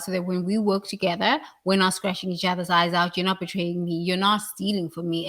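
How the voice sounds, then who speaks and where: A woman's voice: on the low side, a bit bright. A woman giving a blunt, preachy motivational talk about work and responsibility, swearing freely. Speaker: leadership speaker.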